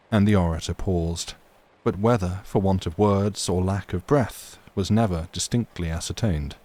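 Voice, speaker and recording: A man reading a classic story aloud on a livestream, steady and measured. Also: deep voice. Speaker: reader of classic fiction.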